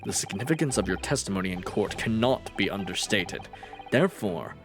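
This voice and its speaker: A man's voice: on the low side, expressive, music in the background, voice pushed down. A man voicing a grave, formal male judge in a courtroom video game. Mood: stern. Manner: measured, formal pronouncements.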